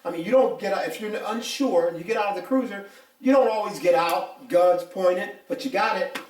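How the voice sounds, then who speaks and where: With a high, fairly quick voice, a retired police officer in his later years offers his views during a casual interview. His storytelling is blunt, emphatic and animated, and the distant microphone picks up plenty of room echo.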